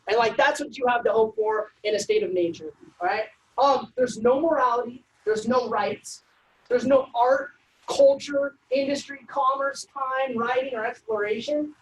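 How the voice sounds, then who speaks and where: A woman presenting a civics workshop, lecturing in a brisk, conversational way with frequent ums and uhs. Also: fairly high pitch, low-quality recording. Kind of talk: informal lecture.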